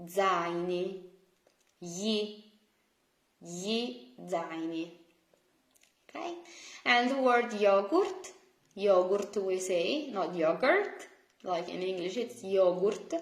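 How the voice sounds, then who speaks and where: Slow, patient Italian teacher woman. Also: medium pitch, echoey room, low-quality recording. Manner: patient, repeats words slowly to drill pronunciation. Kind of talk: online language lesson.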